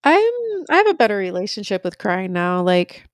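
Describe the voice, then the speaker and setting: A woman's voice: mid-range voice, big pitch swings, normal speed, smooth, no echo, studio quality. A woman co-hosting a podcast, speaking in a reflective way and calling herself stoic. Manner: reflective, self-described stoic. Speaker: podcast co-host. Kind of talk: casual podcast conversation.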